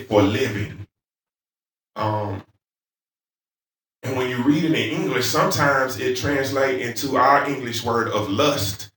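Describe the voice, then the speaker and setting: Southern man preaching in an echoey church. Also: mid-range voice. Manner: starts soft and halting with many "um"s, builds to loud, fervent preaching. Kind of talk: sermon. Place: church sanctuary. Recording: echoey church sanctuary, mic at a distance.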